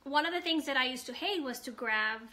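A woman's voice: high-pitched, expressive, fairly quick, sharp tone. A woman hosting a casual live stream, greeting viewers and chatting with lots of ums.

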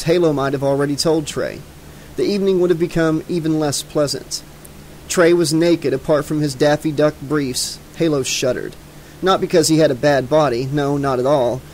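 A male audiobook narrator with a fairly high voice, reading horror in a measured, dramatic manner. Faint noise sits under the reading. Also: a little mellow, poor audio. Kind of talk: scripted narration.

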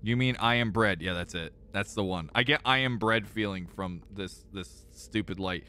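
A young man streaming a game and talking to his viewers, exasperated and swearing often, swinging from loud outbursts to low mutters. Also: normal speed. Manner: exasperated, swears a lot, repeats himself when frustrated. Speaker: gaming streamer. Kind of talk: live gameplay commentary.

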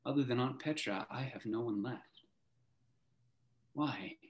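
A young actor playing a bitter, struggling young playwright who swings between hushed grief and sneering outbursts, performed over a video call. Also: male voice, medium pitch, measured pace, echoey room, close to an everyday voice. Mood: wistful. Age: young adult. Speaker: student actor.

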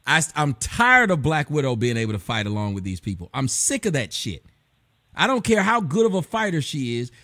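Profane, animated middle-aged man ranting. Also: on the high side, fairly quick, no echo, studio quality. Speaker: host. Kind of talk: casual live-stream chat.

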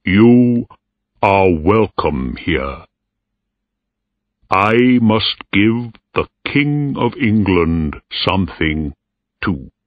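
A warm, welcoming island king who speaks in slow, courteous phrases, as a male narrator plays him. The voice sits fairly low and unhurried. The recording sounds dry and tinny. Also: no echo, heavily acted.

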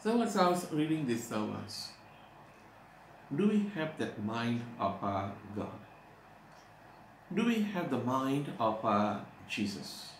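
Halting male preacher in an echoey room. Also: medium pitch, very animated. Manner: halting, with frequent "uh" pauses; slows and stresses scripture verses. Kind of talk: sermon. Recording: echoey room, faint background noise.

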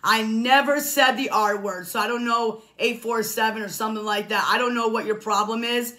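A woman's voice: fairly high pitch, fairly even intonation, moderate pace, bright, forceful tone. A woman talking casually on a live stream, defensive and repeating herself insistently.

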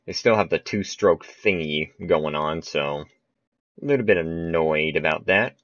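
A young man with a deep, low voice talks his way through a video game round of golf, chatty and self-mocking as his shots go wrong. The recording is dry and close, a little dull in the highs, with no room sound. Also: a little slow, a bit bright, dry recording. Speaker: gaming channel host. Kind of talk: casual gameplay commentary. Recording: muffled, dry home recording.

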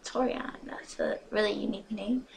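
A woman reads a homemade love story aloud, slowly and haltingly. She stumbles over words and stops for chatty asides. A faint noise sits under her voice. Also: mid-range voice, wildly swooping pitch, gravelly. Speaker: reader. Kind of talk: reading a fan fiction story aloud.

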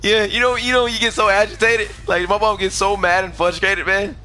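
A man's voice: high voice, little pitch movement, a little fast, sharp tone. A young man giving casual, jokey commentary while streaming a video game, laughing often and trash-talking the game. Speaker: gaming streamer.

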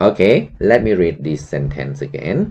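A man with a Cambodian accent teaching a language lesson, saying words slowly and repeating them for learners. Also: a bass voice, animated, a little mellow, highs cut off. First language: Khmer.

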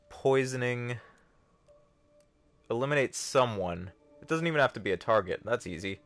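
A man's voice: lowish voice, a bit bright. Joking male game streamer. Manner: joking, self-mocking, talks to chat. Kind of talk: casual gameplay commentary.

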